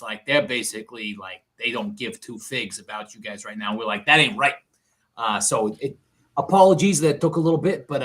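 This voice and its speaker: A man's voice: medium pitch, a bit bright. Rambling man at a game table. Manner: rambling, joking. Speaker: player. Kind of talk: casual tabletop game chat.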